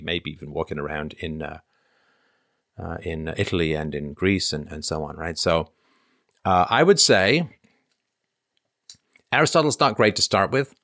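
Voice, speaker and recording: Hosting a relaxed livestream, a middle-aged Canadian man reads super chats and comments aloud and answers viewer questions in a conversational way, often with ums and uhs. His voice is low and a bit bright. It's a dry, studio-quality recording.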